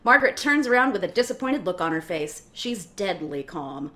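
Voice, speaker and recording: A woman reading a screenplay's stage directions aloud in a play reading, with an expressive delivery. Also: lowish voice, normal speed.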